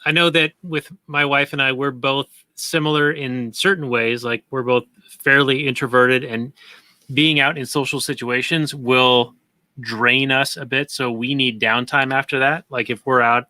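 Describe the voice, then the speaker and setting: Easygoing guy chatting on a podcast, smooth voice, dry sound. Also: mid-range voice, steady tone, a little slow, sharp tone, no room sound. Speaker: podcast co-host. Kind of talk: casual discussion.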